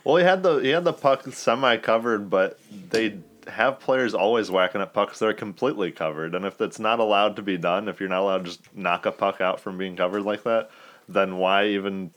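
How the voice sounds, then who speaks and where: A man's voice: fairly low pitch, brisk, a bit bright. A man co-hosting a casual sports podcast, giving rambling, exasperated opinions on hockey plays. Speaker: podcast co-host.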